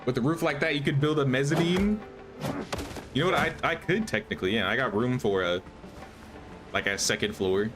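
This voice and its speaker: A young gaming streamer plays a survival game, giving casual live commentary and thinking aloud with frequent restarts. His mid-range voice keeps a moderate pace with frequent pauses, and music plays in the background.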